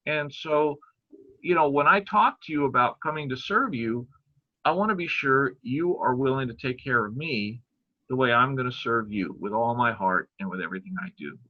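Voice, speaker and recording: An older man, a pastor, chatting casually on a podcast, telling stories and halting jokes and sometimes losing his place. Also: mid-range voice, expressive, lo-fi sound. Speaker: pastor and guest father.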